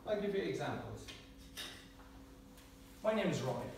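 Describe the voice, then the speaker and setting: A man's voice: a little high, sing-song, measured pace, a little mellow, a little hiss or hum. An Irish man giving a prepared humorous speech at a speaking club, joking and self-deprecating, often chuckling at his own lines. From Ireland. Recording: very echoey room, distant mic.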